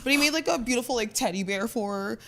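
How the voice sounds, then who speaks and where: This twenty-something co-host's voice runs on the high side, animated, pushed and bright, and she talks fast. Chatting casually through a long story, she swears frequently and leans on "like."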